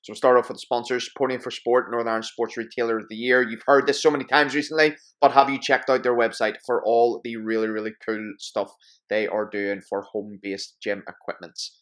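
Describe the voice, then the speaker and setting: A man's voice: mid-range voice, little pitch movement, a little fast, fairly bright tone. A man hosting his podcast in casual chat, reading sponsor plugs with jokes and self-corrections. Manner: chatty, joking, self-correcting. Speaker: podcast host.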